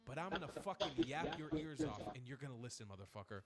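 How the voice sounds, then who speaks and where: A man's voice: medium pitch, sing-song, fast talker, few pauses, over a noisy crowd. A man delivering a heated, profane political rant straight to his viewers, openly angry and pleading with them to get involved. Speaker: online commentator.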